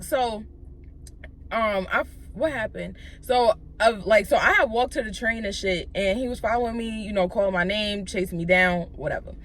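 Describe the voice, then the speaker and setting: A young woman tells a story for her vlog in a casual, profane rush, leaning hard on fillers. Her voice sits a little high and leaps up and down with lively swings. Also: moderate pace. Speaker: vlogger.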